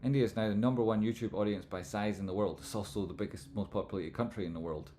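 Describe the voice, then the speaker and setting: A man with a Scottish accent hosting a live stream, explaining stock chart analysis in a relaxed, rambling way. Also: fairly low pitch, quick pace, a little hiss or hum. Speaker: livestream host, trading analyst.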